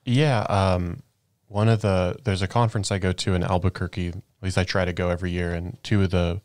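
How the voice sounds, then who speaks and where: A man on a games podcast panel, talking in casual chat, thoughtful and measured. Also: low-pitched, flat delivery, clear, resonant tone, no room sound, clean studio sound.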